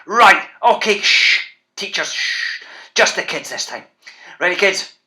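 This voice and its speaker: A man's voice: high voice, animated, measured pace, sharp tone. A man with a Scottish accent, an author hosting a children's reading show, playful and bouncy as he calls out to the kids. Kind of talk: lively talk to school classes.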